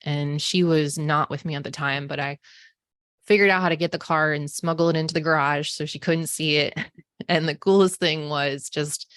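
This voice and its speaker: A woman's voice: deep voice, steady tone, moderate pace, a bit bright, smooth, no room sound, studio quality. A woman in her forties, a podcast host, telling a personal story in a casual, chatty way full of "like" and "um". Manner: chatty, frequent "like" and "um" fillers. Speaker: podcast host, psychic medium.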